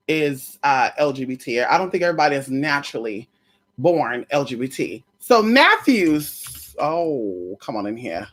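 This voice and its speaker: A woman's voice: rumbling low, a little slow. A woman vlogging casually, telling a story in a sassy, gossipy way and swearing freely as she talks to her viewers. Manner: dramatic, expressive delivery.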